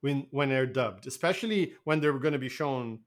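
A man's voice: mid-range voice, normal speed. A man whose first language is Portuguese, co-hosting a podcast in casual chat and telling jokey stories with casual swearing. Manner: animated, joking storyteller who swears casually. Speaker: podcast co-host.

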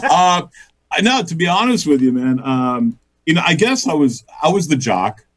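A man's voice: a little high, very animated, normal speed, fairly bright tone, rough recording. A middle-aged man, a comedian guest, telling rambling stories in a casual interview, laughing often and acting out quotes.

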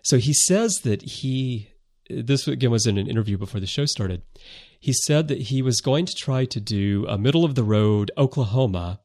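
A man's voice: medium pitch, normal speed, few pauses, dark tone. A man from the American South co-hosting a casual podcast discussion, thoughtful and rambling with frequent restarts. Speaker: podcast co-host.

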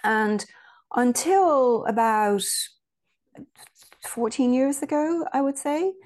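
A woman's voice: high voice, expressive, takes it slowly, a little mellow. A woman from Ireland, a guest in a casual interview, telling stories in a chatty way with many restarts and asides.

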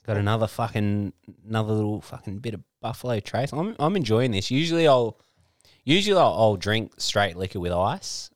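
Laid-back low-voiced male comedian. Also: expressive, a little fast, dry recording, studio quality. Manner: laid-back, swearing, laughs a lot. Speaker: comedian guest. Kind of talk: crude comedy chat.

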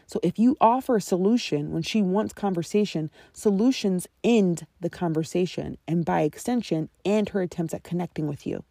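Low-voiced, mellow woman coaching podcast host. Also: normal speed, vocal fry, hardly any pauses, dry recording, studio quality. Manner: conversational and instructive, checks in with "okay?" and "right?". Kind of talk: solo podcast teaching monologue.

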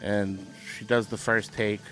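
Bright, loose middle-aged guy telling movie stories, swears freely. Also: fairly low pitch, flat delivery, unhurried, soft background music. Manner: loose, profane storytelling, frequent laughs. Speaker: comedian riffing on a movie. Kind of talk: casual movie riff commentary.

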